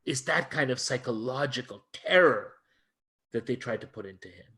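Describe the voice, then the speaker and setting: A man's voice: medium pitch, lively intonation, moderate pace, sharp tone, slightly rough. Earnest man telling a story. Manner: earnest, emphatic retelling with frequent restarts. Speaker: guest lecturer. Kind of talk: storytelling in an interview.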